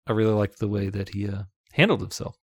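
A fast-talking man with a fairly low voice co-hosts a podcast, casually chatting about a movie in clean studio sound with no room noise. He laughs frequently and acts out quotes as he goes.

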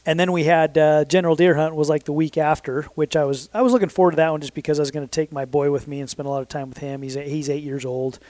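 A man's voice: on the high side, steady tone, fast, hardly any pauses, a little mellow, no room sound. Rambling, chatty man in his thirties. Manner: rambling, self-correcting, frequent fillers. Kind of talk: casual storytelling. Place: southern Utah.

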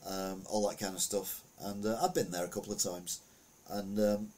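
A man's voice: fairly low pitch, level tone, normal speed, darkish tone. A man giving a casual, rambling commentary on the week's news, full of anecdotes and asides.

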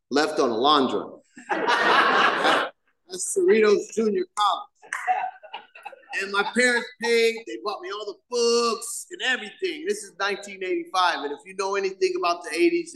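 In an echoey church meeting hall, a middle-aged man serving as the main speaker at a recovery meeting shares his personal recovery story with a live crowd. He tells it loosely and acts out the voices of people in it, his voice fairly high and a bit bright.

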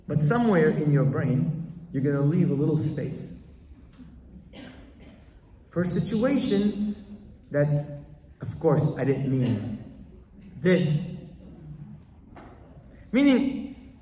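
A man delivers a Torah lecture at an unhurried pace, leaning hard on repeated phrases. His voice sits fairly high. It carries through a reverberant hall from a distance. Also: expressive, dark tone, slight background noise. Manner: emphatic, repeats key phrases, rises in pitch for stress. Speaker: Torah teacher.

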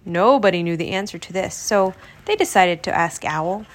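A woman narrating a children's storybook read-aloud in an expressive, storytelling manner. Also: lowish voice, normal speed.

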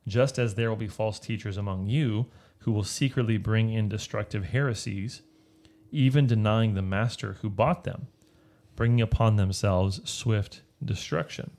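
Male Bible teacher, low gravelly voice, conversational and explanatory. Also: normal speed, darkish tone. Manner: explanatory, checks in with frequent "right?". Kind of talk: casual Bible study teaching.

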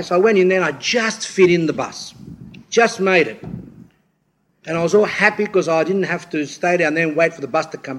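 A man's voice: a little high, a bit bright. Rambling man giving a sermon. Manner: rambling storyteller, acts out quotes, frequent restarts. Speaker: speaker at a church talk. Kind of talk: informal sermon.

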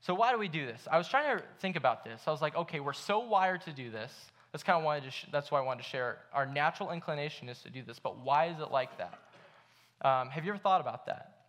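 A man's voice: fairly high pitch, animated, quick pace, fairly bright tone. Casual chatty young male preacher. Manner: chatty, lots of filler words. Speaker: pastor. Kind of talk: casual sermon with a story. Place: church hall.

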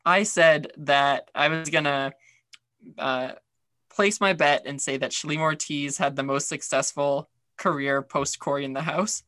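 Bright-voiced man, chatty podcast host. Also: a little high, fairly even intonation, unhurried, no room sound, studio quality. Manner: chatty, rambling, many fillers. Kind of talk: casual chat.

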